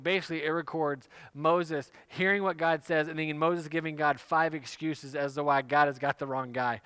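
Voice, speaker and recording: A man's voice: on the high side, pushed and bright, clean tone, dry recording. A man preaching a sermon, retelling a scripture story in casual, everyday speech. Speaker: pastor.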